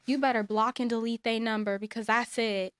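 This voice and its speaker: A woman with a smooth, resonant voice pitched a little high tells a story in a casual, animated way. She acts out the lines of other people and hands out emphatic advice. The sound is close and dry. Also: fairly quick, no echo. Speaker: storyteller sharing a personal experience.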